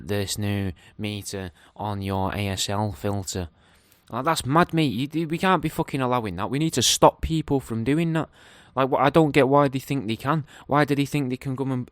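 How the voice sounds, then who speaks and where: A man's voice: medium pitch, no echo, clean studio sound. A man rambling through a profane, comically speculative solo rant. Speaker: podcaster giving a daily update.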